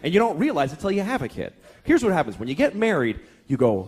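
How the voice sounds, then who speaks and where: A man's voice: on the high side, wildly swooping pitch, fast talker, few pauses, slightly rough. A man in his thirties doing a stand-up set, exasperated and profane, dropping into mocking voices. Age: 30s. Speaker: stand-up comedian. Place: comedy club stage. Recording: live club recording with loud crowd laughter and noise.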